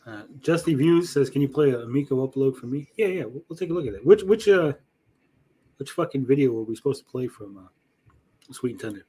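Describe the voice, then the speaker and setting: A man's voice: medium pitch, expressive, brisk, mellow, slightly rough. A man hosting a livestream, chatting casually while reacting to videos, blunt and sarcastic with lots of swearing. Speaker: streamer host.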